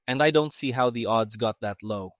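A brisk, cynical army major speaks in crisp, clipped phrases, as a male reader puts him on. The sound is dry, with no reverb. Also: medium pitch, lightly acted.

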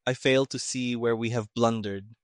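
A man's voice: mid-range voice, fairly even intonation, moderate pace, clear, resonant tone, no echo, studio quality, close to an everyday voice. A man voicing a middle-aged army major who mutters and grumbles. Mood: grumbling.

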